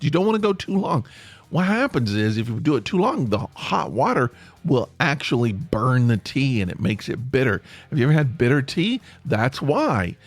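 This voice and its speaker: A man hosts his podcast solo, rambling along with playful asides and plenty of restarts. His pitch swings up and down, and his voice sounds dry and close. Faint music plays underneath. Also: no room sound. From United States. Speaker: podcast host. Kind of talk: casual solo podcast monologue.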